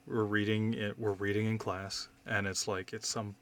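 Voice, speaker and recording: Brief: man in his thirties, bright, forward voice sitting a little low, candid storyteller who swears a lot. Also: little pitch movement, moderate pace. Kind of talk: casual conversation.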